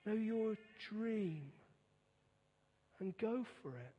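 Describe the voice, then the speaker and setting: Middle-aged male pastor, high-pitched and unhurried, earnest, emphatic sermon delivery; reverberant church hall. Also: highs cut off.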